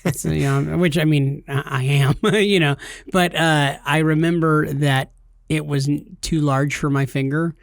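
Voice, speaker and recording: A man co-hosting a podcast, telling jokey stories in quick bursts. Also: fairly high pitch, steady tone, gravelly, no room sound, studio quality. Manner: jokey storyteller, talks in bursts. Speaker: podcast co-host. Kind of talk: casual podcast chat.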